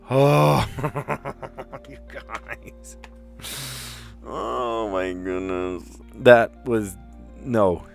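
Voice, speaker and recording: Hosting a casual live stream, a middle-aged man with a fairly low voice thinks out loud as he works through a word puzzle, getting excited and poking fun at himself.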